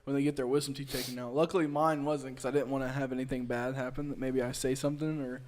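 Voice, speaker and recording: A man's voice: mid-range voice, little pitch movement, fast, darkish tone. A young man co-hosting a podcast, telling a rambling story full of fillers in casual chat. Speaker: podcast co-host.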